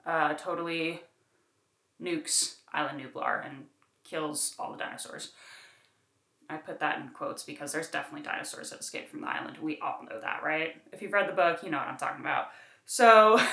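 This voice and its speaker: A woman with a fairly low voice chats casually and emphatically about a book, with lots of fillers. She talks from her own room, and it sounds roomy and echoey. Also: bright, forceful tone. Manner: chatty, emphatic, full of fillers. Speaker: book reviewer. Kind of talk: casual chat. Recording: roomy echo.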